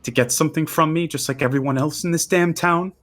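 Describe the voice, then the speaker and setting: A man's voice: mid-range voice, expressive, a little slow, husky, voice pushed up. A man voicing a guarded, resentful young half-celestial woman in a tabletop game, speaking with sarcastic bite. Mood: bitter.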